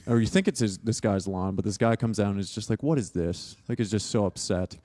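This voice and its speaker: A man's voice: on the low side, steady tone, quick pace, dark tone. Rambling young man, lots of "like". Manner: rambling, heavy use of "like", laughs often. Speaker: podcast guest, film student. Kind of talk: casual interview chat.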